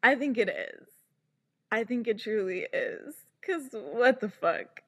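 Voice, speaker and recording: A woman's voice: a little high, animated, slow, bright, forceful tone, slightly rough. A young woman hosting a podcast, ranting in a sarcastic, exasperated way and swearing often. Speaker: podcast host. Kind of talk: casual podcast rant.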